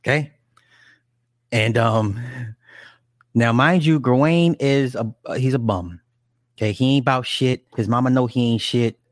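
A man's voice: mid-range voice, a little slow, long pauses, no room sound, studio quality. Rambling, profane man in casual chat. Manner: rambling, profane, restarts and asides. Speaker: film recapper.

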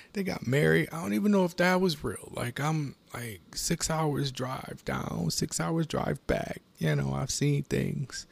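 A shaken, confused man talks haltingly, repeats himself and often drops into unvoiced whispers as he confides what he is going through. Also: a little high, vocal fry, slightly rough. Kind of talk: distressed personal confession.

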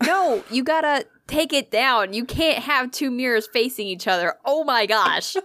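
A woman hosting a casual chat, asking eager quick questions and reacting with laughing asides. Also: a little high, expressive, a bit bright. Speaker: podcast host.

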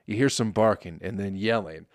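A man's voice: on the low side, normal speed, no echo, studio quality. A man doing a rambling, profane, sarcastic comedy monologue as host.

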